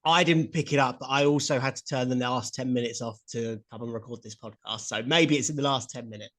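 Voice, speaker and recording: A man co-hosting a podcast in casual chat, blunt and quick to swear. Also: mid-range voice, fairly even intonation, a bit bright. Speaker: podcast co-host.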